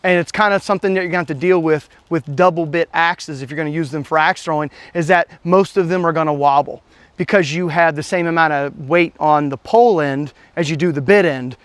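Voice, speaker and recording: A man's voice: fairly high pitch, fairly quick, smooth, no room sound. A man hosting his own channel, giving a casual, enthusiastic hands-on review in a folksy, chatty way. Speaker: gear reviewer, channel host.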